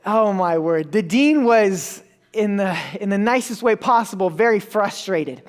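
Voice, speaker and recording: A man's voice: high-pitched, animated, measured pace. Young man preaching in a casual storytelling voice. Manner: casual and self-mocking, acts out the people in his stories. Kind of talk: storytelling sermon.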